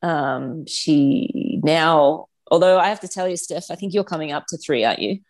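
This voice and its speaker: A woman's voice: low-pitched, moderate pace, a little mellow. A woman in her thirties, a guest on a podcast, talking frankly and casually about raising her kids, with lots of filler words. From Australia. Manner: chatty, frank, many "like" fillers. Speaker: guest, professional triathlete and mother.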